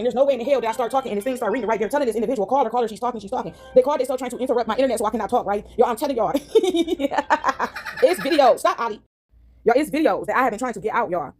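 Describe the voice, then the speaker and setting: Fast-talking woman ranting at home. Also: fairly high pitch. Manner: animated, repeats "right?" and "y'all", rambling. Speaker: vlogger. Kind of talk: casual rant to viewers. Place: at home, indoors. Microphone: phone.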